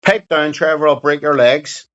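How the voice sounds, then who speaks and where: A man's voice: fairly high pitch, fairly even intonation, moderate pace, a bit bright, highs cut off. A man with a Belfast accent chatting casually on a livestream, reading out chat and answering with sweary, mocking banter.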